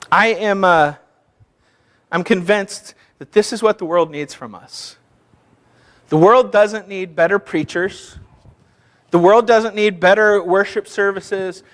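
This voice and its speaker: A man's voice: high-pitched, fairly bright tone. A male pastor giving a sermon in a church, conversational and self-deprecating, building to fervent exhortation.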